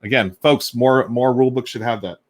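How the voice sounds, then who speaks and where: A man's voice: mid-range voice, brisk. A man hosting a casual live stream, chatting enthusiastically to viewers while unboxing a board game and snacking, with plenty of fillers as he thinks aloud. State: munching snacks while talking. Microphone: desk microphone on a live stream.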